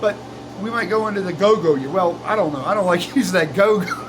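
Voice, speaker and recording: Older retired guy, folksy rambling chat, kinda high voice, loud ac hum behind him. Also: fast talker. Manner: folksy, meandering, frequent fillers and restarts. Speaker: retired vlogger. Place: workshop or yard beside an old truck.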